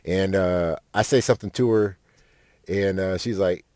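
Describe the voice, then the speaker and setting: A man's voice: deep voice, steady tone, normal speed, a little mellow, no room sound, clean studio sound. A young man, a podcast host telling a rambling, profane story with lots of fillers. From Fort Worth, Texas. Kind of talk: casual storytelling monologue.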